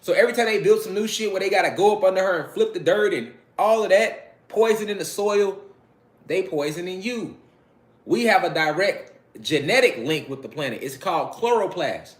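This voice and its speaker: A man's voice: high voice, expressive, moderate pace, slightly rough. A man giving a casual spiritual lecture, preaching to his listeners, repeating phrases and calling them family. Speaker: spiritual talk host.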